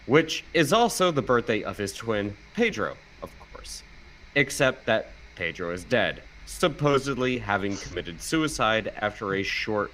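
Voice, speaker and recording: On a podcast, a man reads a movie review aloud in a casual way, stumbling now and then and laughing at his slips. His voice is lowish and a bit bright. The recording is rough, with slight background noise.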